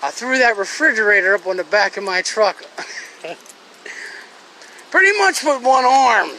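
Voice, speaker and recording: A man's voice: sits high, animated, unhurried, sharp tone, slight background noise, poor audio. A man in his forties with a Philadelphia accent, rambling and joking to his phone camera from his truck. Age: 40s. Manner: joking, rambling, self-mocking. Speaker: vlogger, scrap-metal worker. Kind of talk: casual vlog monologue.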